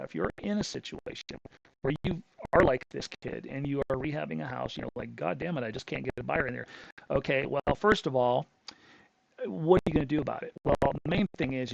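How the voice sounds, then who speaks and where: A man's voice: mid-range voice, gravelly, no room sound, lo-fi sound. A middle-aged man hosting a crypto channel, telling a story in a blunt, rambling way with frequent restarts. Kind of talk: casual storytelling monologue.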